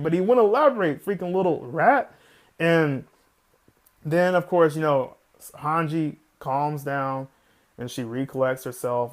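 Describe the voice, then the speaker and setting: A man with a slightly high voice reviews an anime episode in a loose, excitable ramble. He keeps circling back with "literally" and drops the odd swear word as he gets worked up. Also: unhurried. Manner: swears casually.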